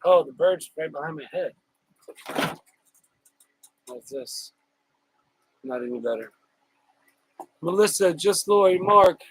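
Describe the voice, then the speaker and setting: A man hosting a casual outdoor live stream, greeting viewers by name in a chatty, upbeat way with drawn-out shout-outs. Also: a little high, lively intonation, heavy background noise. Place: outdoors on a hot day with a fan.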